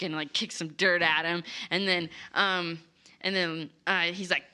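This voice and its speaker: A woman's voice: fairly low pitch, measured pace, smooth. A woman playing in a tabletop game, giggling as she acts out a recap of the last session for the group. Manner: giggly, animated, acts out characters. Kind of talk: excited casual recap.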